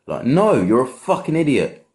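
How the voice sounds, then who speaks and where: A man's voice: mid-range voice, sing-song, normal speed, a little mellow. A young man, ranting casually to camera in a rambling, sweary, exasperated way. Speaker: vlogger.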